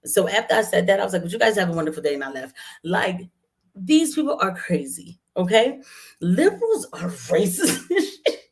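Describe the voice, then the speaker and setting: A woman's voice: on the low side, very animated, brisk, vocal fry. A woman, a nurse, telling a story casually outdoors and acting out both sides of an argument in quoted voices. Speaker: registered nurse and vlogger. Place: outdoors in the heat.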